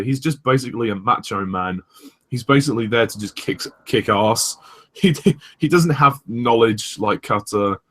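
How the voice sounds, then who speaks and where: A young man hosting a casual review chat, rambling with many pauses and restarts. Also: on the low side, fairly bright tone. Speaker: host of a review discussion.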